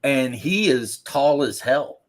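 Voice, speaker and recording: A man's voice: medium pitch, lively intonation, takes it slowly. A man chatting casually about tabletop games over a video call, rambling with lots of fillers and restarts. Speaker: co-host.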